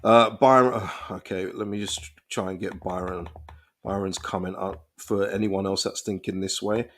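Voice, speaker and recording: A young man hosting a casual football live stream, reading viewers' comments and reacting with animated, restart-filled talk. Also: low voice, normal speed. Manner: animated, thinks aloud with frequent restarts and repeated words. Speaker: football channel host reading live chat.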